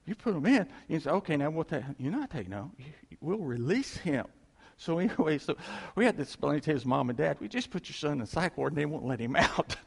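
A man telling church stories to a congregation in a rambling, halting way, chuckling as he goes. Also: on the high side, very animated, vocal fry, slightly rough. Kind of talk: informal testimony to a congregation. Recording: long hall reverb.

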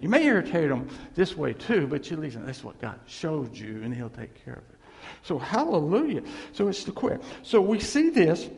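A man's voice: on the high side, vocal fry, darkish tone, big-room sound. A man preaching a sermon, telling stories and drawing in the congregation with repeated questions and amens. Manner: storytelling with call-and-response asides. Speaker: pastor.

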